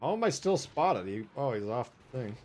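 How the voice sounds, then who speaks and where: A man's voice: medium pitch, big pitch swings, moderate pace, darkish tone, slight background noise. A man streaming live gameplay, chatting casually with viewers, swearing and laughing as he plays.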